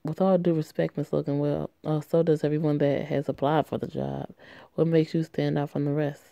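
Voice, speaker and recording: A woman's voice: sits low, flat delivery, moderate pace, gravelly, warm tone, dry recording, studio quality. A woman voicing a stern, suave male company boss who talks in a cool, formal way.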